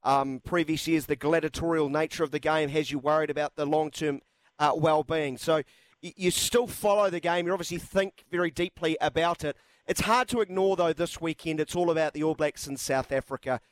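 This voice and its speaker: A man hosting a radio sports talk show, asking measured questions with frequent "um"s. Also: a little high, steady tone, no room sound, low-quality recording. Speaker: radio host.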